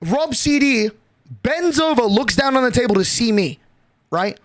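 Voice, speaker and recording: Young aussie dude telling a stream story, high voice, hyped and cussing a lot. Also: male voice, moderate pace, no echo, clean studio sound. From Australia. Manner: excitable, swears casually, laughs often.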